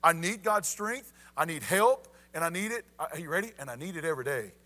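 Male preacher, bright high voice, folksy sermon delivery with lots of asides to the congregation. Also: expressive, brisk. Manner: folksy, repeats "you ready?" and "y'all". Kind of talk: informal evening sermon.

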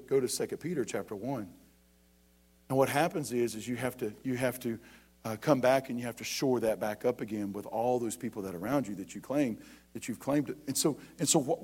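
A man's voice: mid-range voice, darkish tone, breathy edge. A male pastor preaching a sermon, rising to emphatic calls, with repeated words and restarts.

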